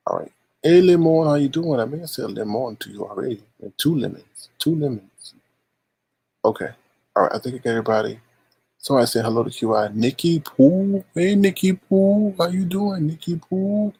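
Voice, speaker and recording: A man with a gravelly, husky voice hosts a live online show in an easygoing, chatty way. He rolls through viewer names with drawn-out greetings. His pitch sits in the middle range. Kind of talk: casual chat greeting viewers.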